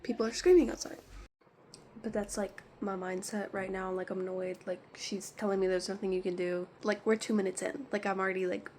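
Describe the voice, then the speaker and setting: A woman's voice: medium pitch, little pitch movement, fairly quick, darkish tone, a little hiss or hum. A woman vlogger telling a story in a casual, rambling way, exasperated and leaning heavily on "like.". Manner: rambling and exasperated, heavy use of "like".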